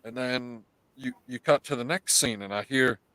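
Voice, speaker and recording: Foul-mouthed, animated man in a dry room. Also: medium pitch, moderate pace, no room sound. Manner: animated storytelling, heavy swearing. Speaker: podcast host. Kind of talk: casual live podcast chat.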